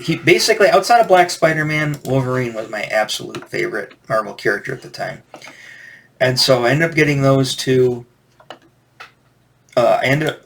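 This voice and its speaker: A man's voice: mid-range voice, creaky, fairly bright tone. A man in his forties, the host, telling rambling stories about childhood toys and often correcting himself as he goes. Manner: rambling, self-correcting storytelling. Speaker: toy collector host. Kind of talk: casual reminiscing vlog.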